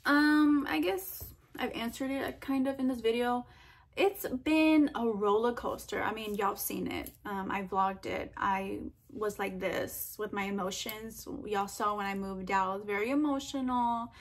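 A young woman answering viewer questions in a casual vlog, chatty and animated, full of fillers and quoted asides. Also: mid-range voice, unhurried. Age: young adult. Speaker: vlogger.

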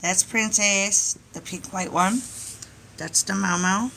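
A woman hosting a casual live stream with her pet chinchillas, coaxing them in soft baby talk and chatting to viewers. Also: medium pitch, slow pace, creaky, a little hiss or hum.

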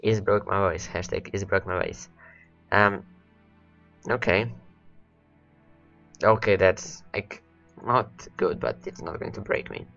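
A man's voice: low-pitched, slow, vocal fry, pauses often, fairly bright tone, lo-fi sound, faint music behind. A man rambling through gameplay commentary, his voice worn and cracking from hours of talking, repeating words as he talks to his units. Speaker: let's play host.

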